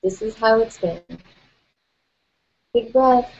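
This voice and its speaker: A woman guiding a tapping session, gentle and playful, often breaking into laughter. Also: on the high side, slow, dull audio.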